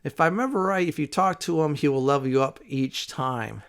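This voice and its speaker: A man's voice: on the high side, brisk, fairly bright tone, clean tone. A man hosting a casual let's play video, rambling through his gameplay commentary with frequent "uh" fillers.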